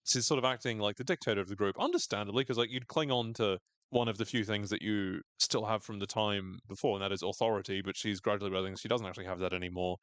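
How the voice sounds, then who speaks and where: A man's voice: lowish voice, fast talker, hardly any pauses, fairly bright tone, no room sound. A man co-hosting a podcast, recapping a show in casual chat and playfully putting on character voices. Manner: jokey, often mimics characters in raised voices. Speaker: podcast co-host.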